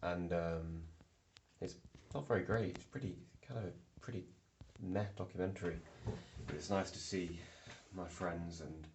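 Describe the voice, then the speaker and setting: A man's voice: low-pitched, measured pace, a little mellow, slight background noise. A young man rambling through a casual vlog, full of ums and restarts, recorded indoors. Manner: rambling, filler-heavy storytelling. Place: indoor room. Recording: echoey room.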